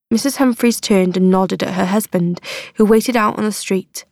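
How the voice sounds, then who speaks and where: A woman narrating an audiobook in a measured, even reading voice. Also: mid-range voice, no echo, studio quality. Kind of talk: scripted narration.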